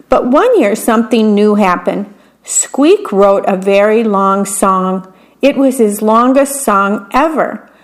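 A woman reading a picture book aloud, stopping to comment on what each picture shows. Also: medium pitch. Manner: adds chatty commentary on the pictures. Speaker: story reader.

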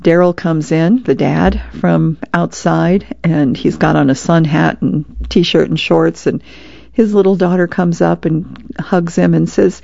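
A woman's voice: on the low side, steady tone, a little slow, creaky, warm tone, dry recording. A woman volunteer reader chatting her way through newspaper comic strips on the radio. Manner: chatty, with small laughs. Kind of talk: reading comics aloud on radio. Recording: dull lo-fi radio sound.

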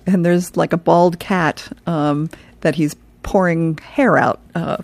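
Chatty woman host, low voice, dry sound. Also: fairly even intonation, slow pace, darkish tone, dry recording. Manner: chatty, laughs between read-aloud jokes. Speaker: radio host. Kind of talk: reading comics and today in history on air.

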